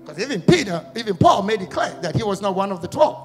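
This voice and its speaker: A male guest pastor preaching an Easter sermon, firing repeated questions at the congregation and building into shouted, sing-song crescendos. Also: high voice, sing-song, fast talker. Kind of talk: Easter sermon with call-and-response. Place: church sanctuary. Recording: church hall reverb with music.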